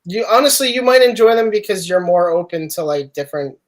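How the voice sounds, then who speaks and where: Easygoing joking man, slightly high voice. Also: expressive, a little fast, slight background noise. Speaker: podcast co-host. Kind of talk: casual chat.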